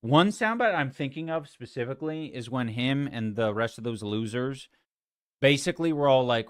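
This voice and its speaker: A man rants on a livestream in a lively, swinging voice, mocking his critics and swearing freely. His pitch is mid-range but jumps around a lot. The sound is close and dry. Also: normal speed, clean tone, dry recording. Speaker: streamer. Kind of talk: casual livestream rant.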